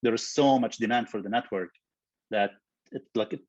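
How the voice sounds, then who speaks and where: A man, a software co-founder, talking in a casual interview, thoughtful and full of fillers and restarts. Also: fairly low pitch, moderate pace, no echo, muffled recording.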